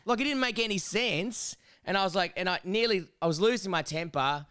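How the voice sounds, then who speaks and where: A man's voice: high-pitched, a little fast, clean tone, dry recording, studio quality. A man with an Australian accent telling a long story on a podcast, swearing freely and acting out both sides of the conversation. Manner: sweary, animated storyteller who acts out both sides of exchanges. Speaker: podcast co-host. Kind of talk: casual storytelling chat.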